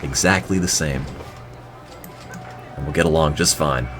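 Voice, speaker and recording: Deep-voiced man joking over game music. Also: measured pace. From New Jersey. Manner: dry, sarcastic joking. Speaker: let's play commentator. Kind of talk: game commentary.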